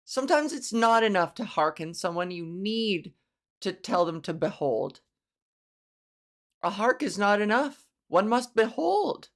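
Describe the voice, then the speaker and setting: A woman's voice: medium pitch, animated, measured pace, pauses often. A woman comedian hosting her own podcast alone, talking in a playful, silly, rambling way and savoring mock-grand words. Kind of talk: casual solo podcast monologue.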